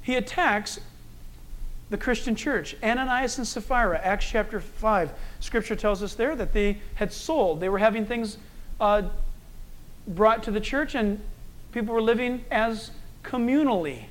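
A man preaching a sermon, animated and conversational, acting out quoted people and telling stories. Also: high-pitched, a little slow. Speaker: pastor.

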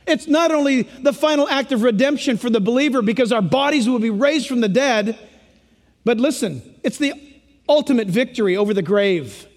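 A man preaching a sermon in an animated way, acting out quoted voices for humor. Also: extremely high pitch, moderate pace, big-room sound.

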